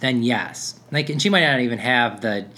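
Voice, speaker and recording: A man in his thirties talks through his thoughts in a loose, rambling monologue. He restarts sentences often and leans on fillers, and his voice sits at a middling pitch. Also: normal speed, bright, forceful tone, a little hiss or hum. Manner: rambling, self-interrupting, with frequent fillers. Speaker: podcast host, father. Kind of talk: casual reflective monologue.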